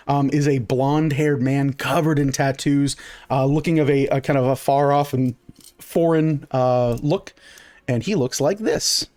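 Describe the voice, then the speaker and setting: A man's voice: mid-range voice, darkish tone. A man narrating as game master in a tabletop game, rambling with many fillers.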